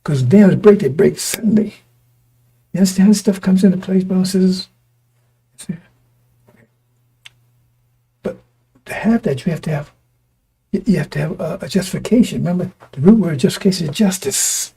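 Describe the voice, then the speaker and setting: A male preacher with a gravelly, raspy voice that is wearing hoarse. He talks in stop-start, repeating bursts and keeps throwing rhetorical questions at his congregation. His tone sits dark and mellow, on the high side for a man. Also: brisk, long pauses. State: voice going hoarse. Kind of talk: street-style sermon to a congregation.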